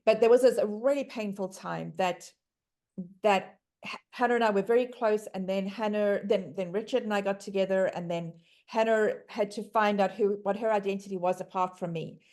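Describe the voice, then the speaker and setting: A woman's voice: medium pitch, steady tone, normal speed, a little mellow. A middle-aged woman, a mother and podcast guest, telling family stories in casual chat with stammered restarts. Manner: rambling storytelling, frequent restarts and stammers.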